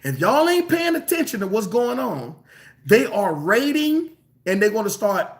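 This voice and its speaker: A male preacher with a fairly high voice for a man, speaking in an emphatic and colloquial way. He repeats phrases to drive them home and stretches some words out slowly. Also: wildly swooping pitch. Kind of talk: sermon.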